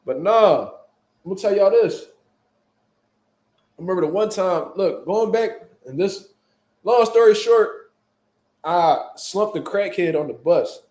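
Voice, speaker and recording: A man telling a story in casual chat, animated and full of profane street slang. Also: fairly high pitch, roomy sound. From Philadelphia, US. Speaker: boxing show host.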